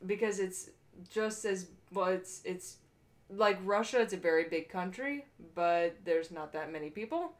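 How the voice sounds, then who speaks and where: A woman's voice: on the low side, measured pace. A woman co-hosting a casual podcast, chatty and easy to laugh as she rambles through a story. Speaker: podcast co-host. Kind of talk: casual chat.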